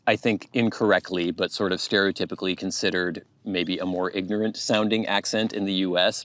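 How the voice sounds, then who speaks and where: A man from the United States, hosting his channel in a rambling, casual chat to camera. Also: deep voice. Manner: rambling, chatty, thinking aloud. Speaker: YouTube channel host.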